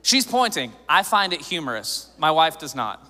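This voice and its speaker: A man's voice: on the high side, very animated, normal speed, sharp tone, in a large hall. A man in his thirties preaching a sermon in a church, joking and conversational, building to emphatic points. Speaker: pastor. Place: church sanctuary.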